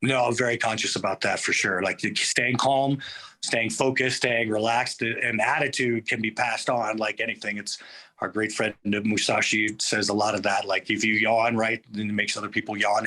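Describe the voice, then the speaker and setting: Guest: man, coach, bright tone, relaxed and thoughtful, lots of pauses. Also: fairly low pitch. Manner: relaxed, thoughtful, with frequent fillers and restarts. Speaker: MMA coach, interview guest. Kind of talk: casual interview talk.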